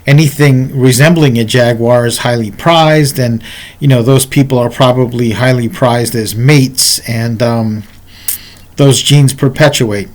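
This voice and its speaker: A man's voice: medium pitch, a little slow. A man telling a personal story in a casual, rambling way, speaking to the viewer in asides, as a martial arts instructor.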